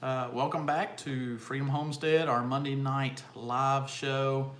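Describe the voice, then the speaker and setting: Easygoing man hosting a homestead stream. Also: medium pitch. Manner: relaxed, laughs easily, halting with fillers. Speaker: co-host of a homestead live stream. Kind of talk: casual live-stream chat. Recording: echoey room, faint background hiss.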